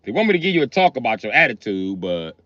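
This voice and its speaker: A man's voice: medium pitch, fast talker, dry recording. Middle-aged dude ranting on his stream, crude and blunt, voice jumps all over, kinda dull dry mic. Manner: blunt, crude, heated and lively. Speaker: livestreamer. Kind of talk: profane comic rant on a livestream.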